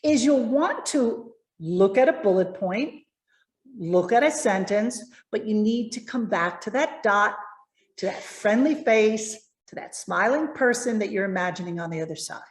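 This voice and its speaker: A woman presentation coach giving lively, encouraging tips to viewers over a video call. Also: mid-range voice, a little slow, echoey room.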